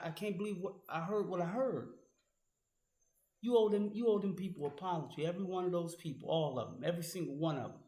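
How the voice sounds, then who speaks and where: An online commentator with a high, darkish voice launches into a heated, profane monologue aimed straight at a critic. He's angry and confrontational, addressing the critic directly, and the recording has a roomy echo.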